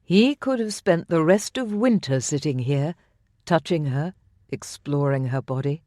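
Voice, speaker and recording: An audiobook narrator reading scripted romance narration in a measured, intimate manner into a close studio mic. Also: medium pitch, animated, a little mellow, no echo.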